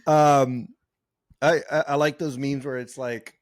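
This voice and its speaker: A man's voice: mid-range voice, steady tone, measured pace. A man co-hosting a podcast in casual chat, rambling with fillers and restarts. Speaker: podcast co-host.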